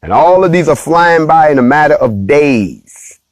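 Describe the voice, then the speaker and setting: A man hosting a casual, animated monologue, playfully talking straight to his viewers. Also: fairly high pitch, a little slow, no room sound. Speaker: host of a talk stream.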